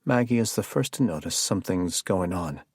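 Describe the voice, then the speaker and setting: A man narrating a first-person suspense audiobook in a measured storytelling delivery. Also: sits low, lively intonation, darkish tone, husky, no echo, clean studio sound.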